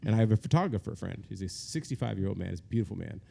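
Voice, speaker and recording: A man telling an animated, self-deprecating story as a podcast guest, often breaking into laughter. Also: lowish voice, very fast, vocal fry. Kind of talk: casual storytelling. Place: podcast set at a magazine office.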